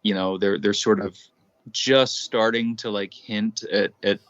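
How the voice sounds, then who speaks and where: A man, a musician being interviewed, speaking casually and thoughtfully, often pausing with fillers. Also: fairly low pitch, steady tone, fairly bright tone, no echo, dull audio. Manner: thoughtful, hesitant, many fillers. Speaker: musician guest. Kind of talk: casual conversation.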